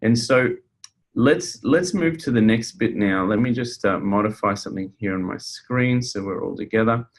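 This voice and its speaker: A man's voice: fairly low pitch, normal speed. A man presenting a webinar in a conversational way, a counselor who talks with fillers and restarts. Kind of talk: casual webinar teaching.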